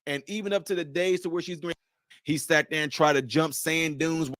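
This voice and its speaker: A man's voice: fairly high pitch, fairly even intonation, normal speed, a bit bright, no echo, studio quality. A man hosting a casual livestream, talking straight to his viewers, repeating his points emphatically. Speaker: livestream host.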